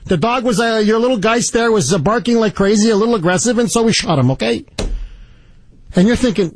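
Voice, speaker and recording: A man hosting a talk radio show, telling stories in an animated, indignant way and taking calls. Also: high voice, fairly quick. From Canada. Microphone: studio microphone.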